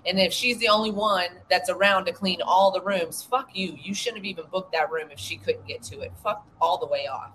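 A woman's voice: lowish voice, brisk, few pauses, fairly bright tone, poor audio. A woman, co-hosting a podcast and telling a story in an indignant, profane rant. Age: 40s. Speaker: podcast co-host. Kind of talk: casual storytelling chat.

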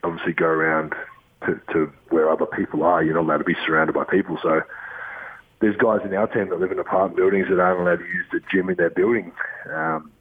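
An Australian man, a basketball player, talking from a room at home in a relaxed, rambling way with lots of ums and restarts. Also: low voice, fast, breathy edge. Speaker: guest, professional basketball player. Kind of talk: casual interview over the phone. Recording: tinny phone line.

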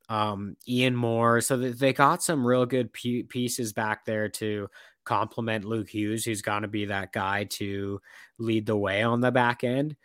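A man's voice: fairly low pitch, fairly bright tone, clean tone, no room sound. Dry-voiced man in casual hockey talk. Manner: rambling, many fillers and restarts. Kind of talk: casual sports chat.

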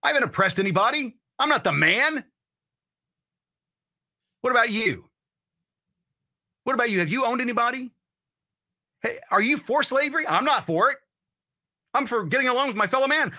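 A man's voice: very high voice, pushed and bright. A man hosting a political commentary show, ranting in a heated, blunt and profane way. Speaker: host.

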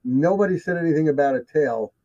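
A man tells his stories in an emphatic, repetitive way, leaning on key phrases. His voice sits a little high for a man. The recording is dull and lo-fi. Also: animated, fast, warm tone, breathy edge. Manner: emphatic storyteller, repeats himself. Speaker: guest telling of sightings. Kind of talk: casual conversation. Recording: dull lo-fi sound.

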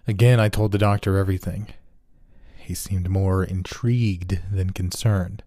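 A man narrating a first-person horror story in a steady, measured delivery. His voice is very low and mellow. The recording is dry and close. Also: no room sound.

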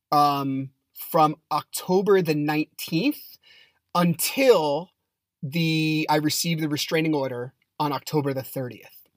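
A man's voice: a little high, a bit bright, no echo, studio quality. A man hosting his own podcast, telling a personal story in a casual monologue with a heated, blunt manner. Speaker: podcast host.

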